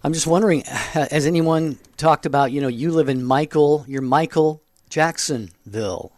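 A man's voice: a little high, normal speed, darkish tone, no room sound. A man co-hosting a call-in radio show, chatting casually with callers and laughing often.

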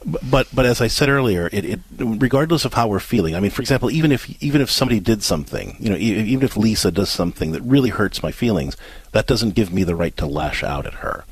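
A radio host and counselor runs a call-in advice show, speaking earnestly but haltingly, restarting his sentences often. His lowish voice has lively intonation and a breathy edge, and the recording is rough.

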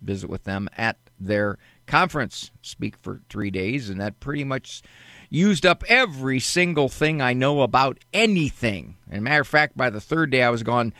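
Man, radio call-in host, playful and joking, animated pitch, dry close studio sound. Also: moderate pace, dry recording. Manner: playful, joking, shows off big words for laughs. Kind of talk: live radio call-in show talk.

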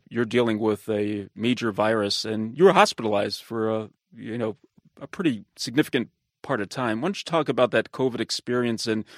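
A man's voice: lowish voice, no room sound, studio quality. A male podcast host introducing his guest and asking long conversational questions with fillers.

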